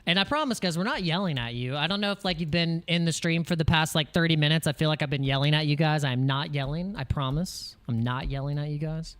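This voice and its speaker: A man's voice: on the high side, quick pace, few pauses, fairly bright tone, clear, resonant tone. An American man hosting a crypto livestream in casual chat, rambling and joking, with frequent laughs and restarts, jittery from espresso. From United States.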